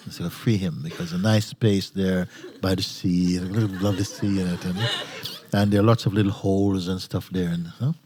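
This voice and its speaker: A man with a fairly low voice tells a story at an informal retreat talk, breaking into laughter often. His phrasing is loose and non-native, with plenty of fillers and restarts. He is a spiritual teacher speaking casually to his listeners. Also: fairly even intonation, a little fast, warm tone, a little hiss or hum.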